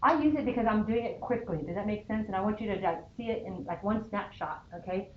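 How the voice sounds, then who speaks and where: A woman's voice: medium pitch, quick pace. A woman math teacher lecturing a class and checking in often with "okay?". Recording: dull lo-fi sound in an echoey classroom with faint noise.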